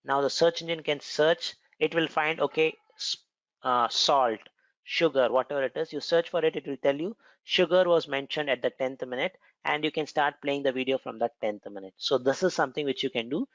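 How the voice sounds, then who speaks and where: A man's voice: on the high side, fairly quick, a bit bright, no echo, highs cut off. Indian-accented man giving a tech lecture. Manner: explanatory, repeats and self-corrects often. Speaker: instructor. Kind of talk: technical lecture with screen demo.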